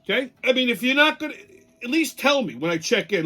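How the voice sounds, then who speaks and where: A man's voice: extremely high pitch, very animated, quick pace, sharp tone. A middle-aged man hosting his own show, telling a story as a blunt, profane rant. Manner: blunt, swears constantly, mocks and rants. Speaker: show host. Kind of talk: profane ranting monologue.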